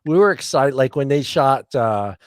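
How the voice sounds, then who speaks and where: A man's voice: mid-range voice, lively intonation, normal speed, dry recording, studio quality. Rambling older man hosting a chat. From Philadelphia area, USA. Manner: rambling, laughs often, restarts. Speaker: host. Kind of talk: casual panel chat.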